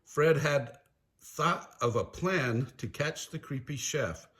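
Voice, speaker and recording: An older man reading a children's storybook aloud in a slow, animated storytelling manner. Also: on the high side. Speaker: storybook reader.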